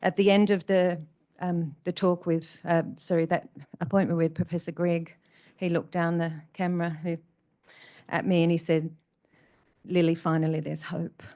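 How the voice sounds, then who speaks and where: Middle-aged woman, speaker at a community event, earnest and heartfelt, fairly low voice, repeats herself for emphasis. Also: level tone, normal speed, warm tone. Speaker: motivational speaker. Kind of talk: personal talk to an audience.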